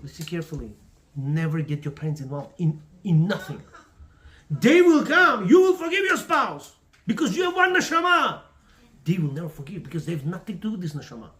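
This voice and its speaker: A male religious teacher with a high, sing-song, fairly bright voice speaks briskly in a Torah class on marriage. He's preachy and emphatic, using broken English with lots of repetition.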